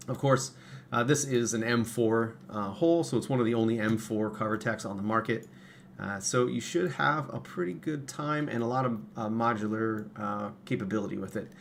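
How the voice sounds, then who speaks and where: A man's voice: mid-range voice, normal speed, vocal fry, slight background noise. A man hosting his own livestream, talking casually and rambling with many fillers and restarts at his computer. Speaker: livestream host and parts maker.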